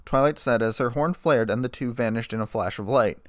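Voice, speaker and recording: Male narrator, plain steady read, dry close sound, middle pitch. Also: fairly quick, no echo. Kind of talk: fan fiction reading.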